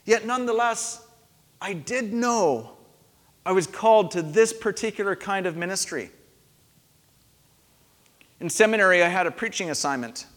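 A man's voice: high-pitched, lively intonation, normal speed, long pauses, a bit bright. A male pastor giving a sermon in a conversational storytelling manner, asking his listeners questions. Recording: long hall reverb.

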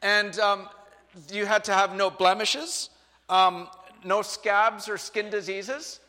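A male pastor delivers a chatty sermon with joking asides before interviewing a guest, his voice echoing through the church sanctuary's reverberant hall. He speaks slowly in a high-pitched, level, bright and forceful tone.

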